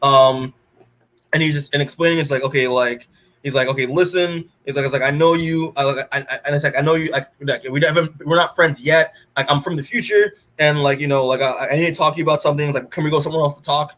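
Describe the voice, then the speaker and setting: A man's voice: fairly high pitch, steady tone, quick pace, a bit bright. A man co-hosting a podcast, recapping a comic issue in a rambling, casual way and acting out the characters' lines, with many fillers. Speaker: podcast co-host.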